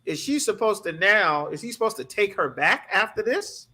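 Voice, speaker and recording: Emphatic, high-voiced male preacher. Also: expressive, normal speed, pushed and bright, slightly rough. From United States. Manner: emphatic, streetwise preaching with rhetorical questions. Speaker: scripture class teacher. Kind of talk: preaching scripture breakdown.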